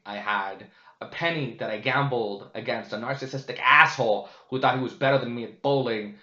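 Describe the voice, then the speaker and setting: A man's voice: medium pitch, fairly quick, sharp tone. A man hosting a casual vlogcast, talking in a candid, profane, rambling way, full of fillers and restarts. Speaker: vlogcast host. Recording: roomy, slightly dull sound.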